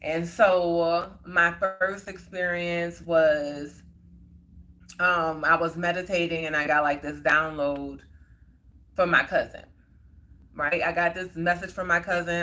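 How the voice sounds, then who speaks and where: Woman host, lowish voice, bright edge, chatty and heartfelt. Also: fairly even intonation, measured pace, a little hiss or hum. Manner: earnest, conversational, many fillers. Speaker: livestream host. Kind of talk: casual storytelling.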